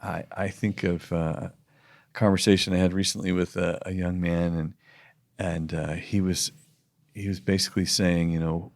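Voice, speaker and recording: A man's voice: low-pitched, little pitch movement, normal speed. A man co-hosting a casual faith-based podcast, talking earnestly with many restarts and emphatic urging. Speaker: podcast co-host.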